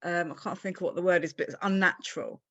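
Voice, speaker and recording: A woman's voice: lowish voice, steady tone, quick pace. A woman taking part in a live online session, asking her question hesitantly and searching for words. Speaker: session participant. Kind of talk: casual question on a video call. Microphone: video call.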